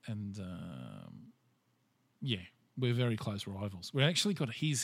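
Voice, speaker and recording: Chatty Australian man, low voice. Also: dry recording. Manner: rambling, storytelling with filler words. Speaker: conversation partner. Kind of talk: casual chat.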